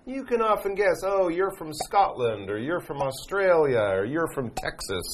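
A North American man co-hosts an English lesson, reading phrases aloud and rephrasing them for learners. His pitch moves a lot, and a faint hiss sits behind him. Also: normal speed. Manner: lively, reads out phrases and rephrases them simply. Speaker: English teacher co-host.

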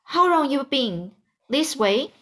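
A woman's voice: high voice, big pitch swings, slow, fairly bright tone, pitched above the performer's own voice, exaggerated voice. A woman voicing an anxious young boy in a storybook, pleading in a raised, fretful voice. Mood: alarmed.

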